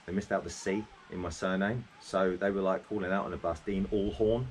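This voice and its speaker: A man's voice: sits low, flat delivery, fast talker, slight background noise. A man co-hosting a casual chat, telling funny stories from his time as a holiday rep with plenty of laughter. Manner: laughing anecdotal storyteller. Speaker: podcast co-host, former holiday rep.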